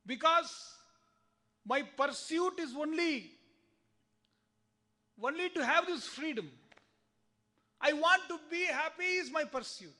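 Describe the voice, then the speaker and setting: In a very high-pitched, bright and forceful voice, a man with an Indian English accent speaks slowly and expressively at a temple, leaving long pauses. His spiritual discourse is full of rhetorical questions to the audience and dialogues he acts out alone.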